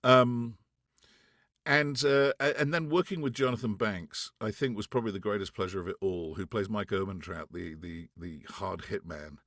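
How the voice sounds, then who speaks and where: A man from France, a guest actor, telling animated stories in an interview, acting out quotes with restarts along the way. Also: on the low side, normal speed, dry recording, clean studio sound. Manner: animated anecdotes, acts out quotes, frequent restarts. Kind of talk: casual interview storytelling.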